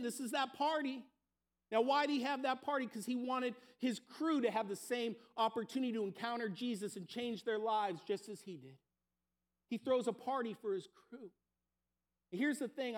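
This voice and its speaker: Male pastor, very high voice, preaching with lively acted-out scenes. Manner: storytelling, acting out everyday scenes. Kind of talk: sermon.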